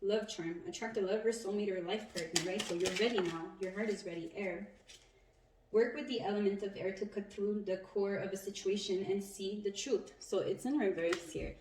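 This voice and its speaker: Woman, tarot reader, casual and expressive; roomy echo, a step back from the mic. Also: mid-range voice, moderate pace, far from the mic, a little hiss or hum. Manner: chatty, animated, swears and laughs often.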